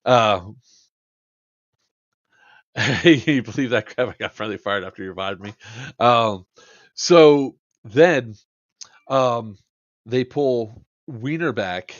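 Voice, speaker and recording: A man's voice: medium pitch, slow pace, pauses often, dry recording, lo-fi sound. A man hosting a podcast, casually and animatedly recounting an airsoft game, swearing and acting out the quotes with plenty of fillers. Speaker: podcast host.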